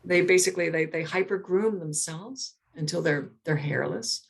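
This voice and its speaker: A woman's voice: lowish voice, moderate pace, creaky, breathy edge. A middle-aged woman talking as an interview guest, explaining earnestly with many restarts and repeated words. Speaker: guest, primatologist.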